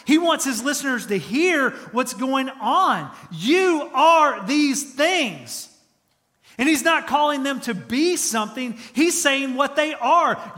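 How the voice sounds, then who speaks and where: A man's voice: high-pitched, bright, forceful tone, long reverb tail. A man preaching a sermon as pastor, speaking emphatically and repeating phrases for effect.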